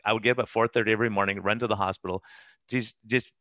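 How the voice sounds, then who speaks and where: Middle-aged male physician, low-ish voice, dry close sound, earnest rambler. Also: fairly even intonation, very fast, a bit bright, no echo. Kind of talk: casual personal storytelling.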